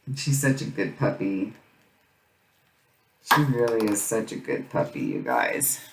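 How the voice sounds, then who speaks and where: A woman's voice: rumbling low, huge pitch swings, measured pace, creaky. Chatty middle-aged woman, roomy and distant. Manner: chatty, rambling, repeats phrases. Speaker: crafting channel host. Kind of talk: casual chat while crafting. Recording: roomy, set back from mic, faint noise.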